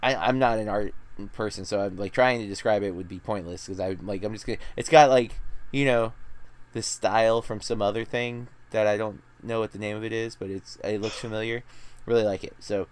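A man's voice: lowish voice, fairly even intonation, brisk, smooth. A man hosting a movie review podcast, talking in a loose, chatty way full of "like" and restarts. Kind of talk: casual chat.

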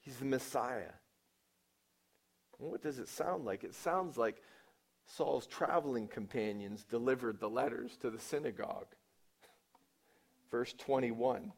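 A man preaching a sermon at a slow, deliberate pace. He questions his listeners and acts out quoted lines. His delivery swings from loud, emphatic declarations down to low, quiet asides. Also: creaky, breathy edge. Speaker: pastor.

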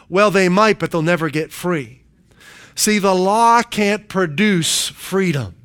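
A man preaches with a smooth, clear voice that sits a little higher than most. He takes his time, driving each point home with repetition and quoted verses. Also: a little slow, a bit bright. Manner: emphatic preaching with repeated phrases and scripture quotes. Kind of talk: sermon.

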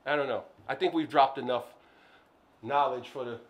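A man co-hosting a podcast in casual chat, an animated storyteller who acts out little scenes. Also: medium pitch, normal speed. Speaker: podcast co-host.

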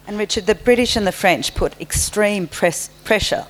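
A woman interviewing an author, asking measured, prompting questions. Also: mid-range voice. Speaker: interviewer host.

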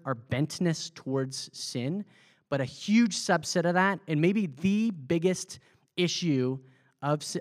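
A man, a pastor, teaching a Bible study in a conversational way, asking the group questions and repeating their answers back. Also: mid-range voice. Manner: loose, with fillers and restarts. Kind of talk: interactive sermon teaching.

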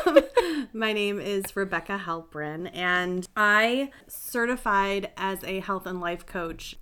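Chatty middle-aged woman, bright voice. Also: mid-range voice, takes it slowly, clear, resonant tone. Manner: chatty, rambling, self-deprecating. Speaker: podcast guest, health and life coach. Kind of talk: casual interview storytelling.

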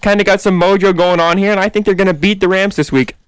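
High-voiced man, opinionated. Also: fairly even intonation, fast talker, clear, resonant tone, dry recording. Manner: confident, opinionated, talks in long runs. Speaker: co-host making sports picks. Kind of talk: casual sports podcast chat.

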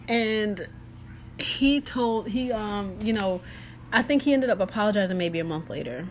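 A young woman tells a personal story casually to her viewers. She is animated, full of fillers, and drops into a lower voice when she quotes others. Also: slow, pauses often, slight background noise.

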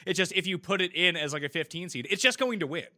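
A man's voice: sits high, animated, quick pace, bright, forceful tone. A man hosting a casual podcast debate, blunt and opinionated about TV shows. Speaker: podcast host.

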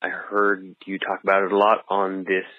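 A man's voice: sits low, monotone, moderate pace, dry recording. A man from California leaves a hesitant voicemail question, with frequent fillers. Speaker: caller. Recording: tinny phone line.

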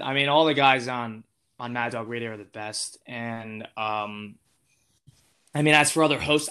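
Bright-voiced young man rambling. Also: mid-range voice, clear, resonant tone. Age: young adult. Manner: rambling, full of fillers and restarts. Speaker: interview guest. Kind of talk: casual interview chat.

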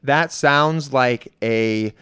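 A young man hosting a casual podcast, blunt and quick to swear. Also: mid-range voice, sharp tone, clean tone. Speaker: podcast host.

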